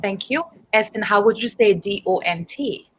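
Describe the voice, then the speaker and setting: A woman's voice: medium pitch, moderate pace, husky, rough recording. A woman from Dubai teaching an online English speaking class, patiently explaining and quizzing her students. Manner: patient, encouraging, spells out words and asks students questions. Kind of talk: online group speaking lesson.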